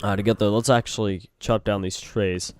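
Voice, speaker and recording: A young Canadian man with a Canadian accent, talking over his game in a lowish voice. He rambles from one silly thought to the next and keeps toying with the sound of words. The commentary is loose and unscripted. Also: fairly even intonation, moderate pace, smooth, no room sound. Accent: Canadian English. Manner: rambling, goofy, plays with words. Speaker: gaming video host. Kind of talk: let's-play commentary.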